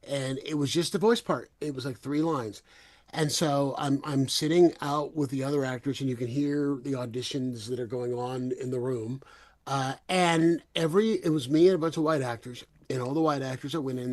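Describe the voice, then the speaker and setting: A middle-aged man from the Bay Area hosting a podcast, telling animated stories in casual chat and laughing freely. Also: mid-range voice, moderate pace. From US, San Francisco Bay Area. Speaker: podcast host.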